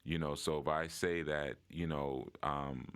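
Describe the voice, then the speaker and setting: A man's voice: very deep voice, steady tone, unhurried, fairly bright tone, clean tone. A man casually sharing reflections in an online group call, conversational with many fillers and restarts. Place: online audio room.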